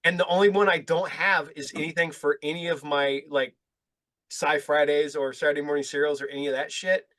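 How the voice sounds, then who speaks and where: A man, a podcast host and producer, chatting casually, rambling with halting restarts. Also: fairly high pitch, little pitch movement, a bit bright.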